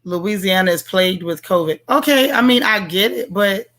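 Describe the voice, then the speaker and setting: A woman's voice: medium pitch, expressive, normal speed, a bit bright. A woman hosting a casual livestream, reviewing a TV show in a sassy, playful way and talking straight to her viewers. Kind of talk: casual livestream chat, reading viewer comments.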